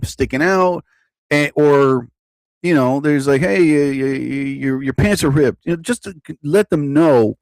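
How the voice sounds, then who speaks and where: Male live-stream host, rambling profane rant, fairly high and lively pitch, dry mic. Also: dry recording. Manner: animated, profane, repeats himself. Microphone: own desk mic.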